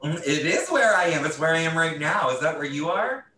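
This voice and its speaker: Drag performer guest, man, deadpan quips, bright tone, distant video call audio in a roomy space. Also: on the high side, fairly quick. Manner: dry self-mocking wit. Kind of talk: casual video call chat.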